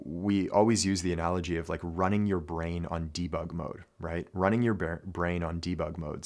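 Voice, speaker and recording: A man with a notably deep voice teaches a lesson on mindset to camera. He is earnest and reflective, and he repeats his main phrases so they land. He speaks as a coach addressing his players. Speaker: basketball coach. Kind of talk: instructional talk to camera.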